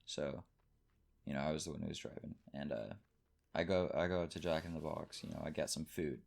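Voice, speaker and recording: A man's voice: extremely low pitch, brisk, vocal fry, a little mellow. A young man in his late teens from Texas, telling a rambling, casual party story over gameplay. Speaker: gaming channel host.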